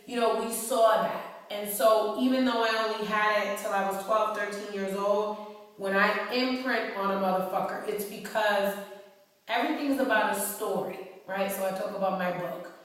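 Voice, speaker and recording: A woman's voice: medium pitch, normal speed, fairly bright tone. A woman from New York, an author speaking to her fans, talking bluntly and heatedly with plenty of profanity on a phone camera mic. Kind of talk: blunt personal monologue. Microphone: iPhone camera mic. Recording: echoey hall, far from the mic.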